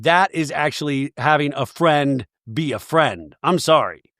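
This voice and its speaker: A man hosts a catty, sarcastic comedic recap, full of snark. His voice is fairly high and very animated. The sound is close and dry. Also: a little slow, no room sound. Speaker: podcast host.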